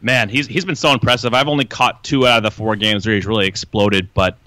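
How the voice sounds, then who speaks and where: A man who is a guest draft analyst on a podcast, talking casually and in fast detail about players. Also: lowish voice, steady tone, sharp tone, no room sound. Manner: fast, detailed scouting talk. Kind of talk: casual basketball draft chat.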